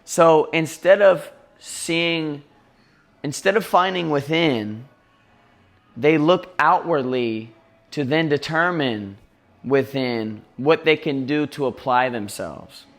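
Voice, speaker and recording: A man's voice: on the high side, slow. A man streaming live, ranting casually and profanely, often mimicking others in mocking voices. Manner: profane, heated venting.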